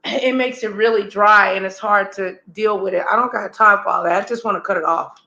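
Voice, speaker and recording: A woman hosting a casual chat, hoarse today, joking loudly and laughing often. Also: medium pitch, fairly even intonation, fairly quick, dull audio. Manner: loud playful banter, laughs often. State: raspy right now. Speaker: host.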